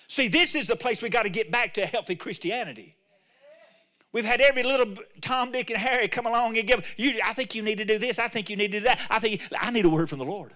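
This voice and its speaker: A man with a high, bright, ringing voice preaches to his congregation. He moves between rising, emphatic calls and low, hushed asides, often speaking the words of a prayer as if he were praying it himself. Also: fast talker. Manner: preaching with swings from loud calls to quiet asides, acting out Peter's prayer. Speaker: pastor. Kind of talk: sermon.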